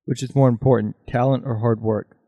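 A young man co-hosting a podcast, casually reading discussion questions out loud. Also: medium pitch, fairly even intonation, a little fast, dry recording, narrow, tinny audio. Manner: laid-back, reads questions aloud. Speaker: podcast co-host.

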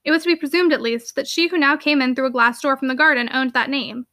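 A woman narrates a classic novel in a brisk, expressive way. Her voice is high and bright, and she moves along at a quick pace. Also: no room sound, studio quality. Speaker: audiobook narrator. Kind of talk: reading a classic novel aloud.

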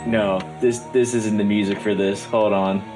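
A man narrating a tabletop game as game master, a lively storyteller who often restarts his sentences. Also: fairly low pitch, normal speed, rough recording. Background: background music.

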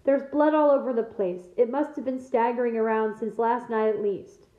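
A woman reading aloud doing a rough half-giant gamekeeper, gruff and commanding, with blunt country speech and a raised, lifted pitch. It sounds like a storybook read-aloud in a roomy space, coming through a tinny phone-like line. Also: fairly even intonation, moderate pace, natural voice. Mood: instructing. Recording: echoey room over a thin phone-like line.

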